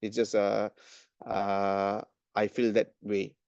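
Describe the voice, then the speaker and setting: A man's voice: fairly low pitch, flat delivery, takes it slowly, gravelly, a little mellow, no room sound, lo-fi sound. A man evaluating speeches at a club meeting, hesitant, with many fillers and restarts. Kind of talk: giving spoken feedback at a club meeting.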